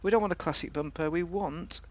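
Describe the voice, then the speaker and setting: A man's voice: on the high side, a little fast. A man giving a casual, rambling, jokey commentary while reviewing a car in a video game.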